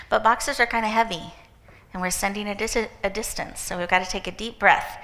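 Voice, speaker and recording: A woman hosting an event, giving an inspirational talk with a gentle, encouraging guided visualization. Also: medium pitch, fairly even intonation, fairly quick. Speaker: event host and speaker. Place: event hall with live audience. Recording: echoey hall reverb.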